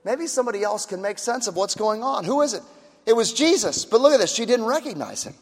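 High-voiced preacher in an echoey hall. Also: male voice, sing-song, a little fast, slightly rough. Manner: emphatic, repetitive preaching with rhetorical questions. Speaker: pastor. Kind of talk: sermon. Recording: echoey hall with long reverb.

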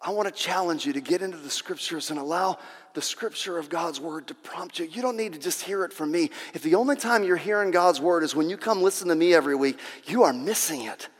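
A man preaching a sermon as pastor, impassioned and repetitive, swinging between loud and hushed. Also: on the high side, a little fast, husky, in a large hall.

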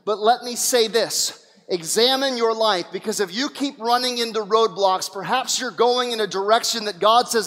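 A man's voice: high voice, moderate pace, fairly bright tone, in a large hall. A male pastor preaching an impassioned sermon who acts out the scenes he retells.

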